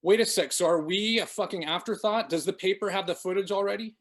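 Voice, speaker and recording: A man's voice: a little high, normal speed, natural voice. A man reading aloud, voicing a cornered, bitter woman who lashes out sarcastically. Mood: sarcastic fury. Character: furious sobbing woman, cornered.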